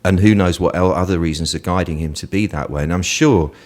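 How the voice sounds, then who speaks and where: A man, a guest on an interview show, telling stories in an animated way and laughing often in casual conversation. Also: deep voice, quick pace. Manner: lively storyteller who laughs often.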